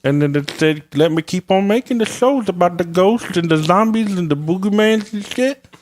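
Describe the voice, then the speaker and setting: A man putting on the voice of a dim-witted, childlike man who talks in a slow, halting, simple way. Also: sits high, pitched above the performer's own voice, close to an everyday voice. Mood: goofy.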